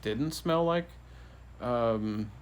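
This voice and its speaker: A father telling his child a bedtime story in a playful, relaxed way. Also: mid-range voice, drawn-out words, noisy background.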